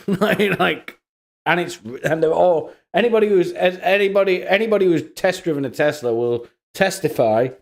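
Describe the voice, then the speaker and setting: Gravelly man mocking posts on stream. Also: medium pitch. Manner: mocking, profane, frequent laughter. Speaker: live-stream host. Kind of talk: live-stream commentary on social media posts.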